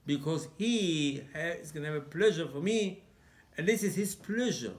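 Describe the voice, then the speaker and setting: A man's voice: on the high side, expressive, moderate pace. A male rabbi giving an emphatic sermon, full of rhetorical questions and broken English.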